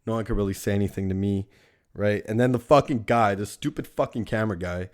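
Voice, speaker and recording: A man's voice: lowish voice, fast talker, a little mellow. Profane rambling young man telling stories. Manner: profane, rambling, lots of "right?" tags. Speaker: podcast host. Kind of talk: casual storytelling monologue.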